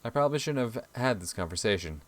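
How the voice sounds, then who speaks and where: A man's voice: medium pitch, expressive, fast, no room sound. A man hosting a gaming video, reading visual-novel lines aloud and breaking into exasperated, profane comic rants.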